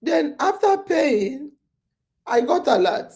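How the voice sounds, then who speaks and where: Woman host, drowsy and chatty, unhurried, dark-toned voice, loops back over her words. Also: sits high, sing-song. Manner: chatty storytelling, repeats phrases, many fillers. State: sleepy, yawning. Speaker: podcast host. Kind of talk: casual live-stream chat.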